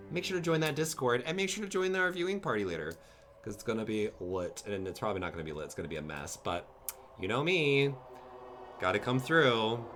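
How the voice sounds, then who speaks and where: A man's voice: mid-range voice, a bit bright. A young man streaming a game live, joking, swearing and reading characters' lines aloud as casual commentary. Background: game music.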